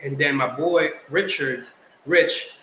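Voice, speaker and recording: A young man from the Philippines, a guest artist telling stories in casual chat, animated and slangy. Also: on the high side, slow. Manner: animated, slangy, acts out quotes. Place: podcast studio. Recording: roomy echo, faint background noise.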